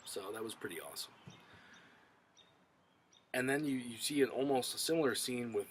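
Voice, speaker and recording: A man's voice: medium pitch, lively intonation, moderate pace, a little hiss or hum, rough recording. A man recapping a TV episode in a loose, profane, filler-heavy way. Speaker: show reviewer.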